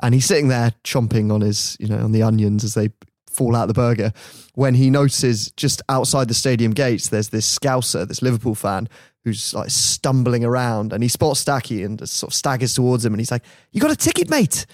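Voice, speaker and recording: A man hosts a podcast and tells an anecdote in a casual, lively way, chuckling as he goes. His voice sits in a middle register. The recording is dry and close, with no room sound. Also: mid-range voice, normal speed, no echo. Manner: animated anecdote-telling, laughing often. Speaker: podcast host. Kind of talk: casual storytelling.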